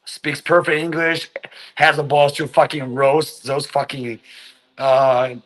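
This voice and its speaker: A man's voice: medium pitch, flat delivery, fairly bright tone, poor audio. A man from China speaking English as a second language in a casual vlog monologue, rambling, full of fillers and swearing. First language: Chinese. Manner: slow, rambling, swears a lot, many fillers. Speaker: vlogger.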